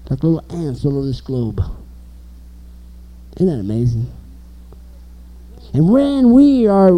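Animated preacher man, dark voice. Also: a little high, poor audio. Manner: animated, emphatic, asks the listeners questions. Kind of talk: informal sermon.

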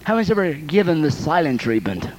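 A woman's voice: sits low, big pitch swings, fast talker, darkish tone, slight background noise, low-quality recording. A woman preaching a sermon, exhorting her listeners and often repeating words as she restarts.

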